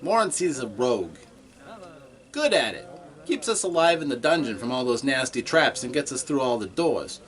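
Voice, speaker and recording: Boastful bard comic, played by a man, in-character stand-up, bright lively delivery, laughs at own puns. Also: medium pitch, moderate pace. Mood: cheesy. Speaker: stand-up comedian.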